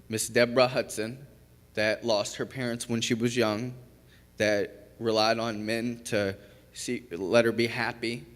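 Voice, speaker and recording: A young man from Kentucky giving a personal testimony at a church service, candid and conversational, full of fillers and restarts. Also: mid-range voice. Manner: candid, conversational storytelling with frequent fillers and self-interruptions. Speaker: recovery program graduate giving testimony. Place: church sanctuary. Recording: long reverb of a large church.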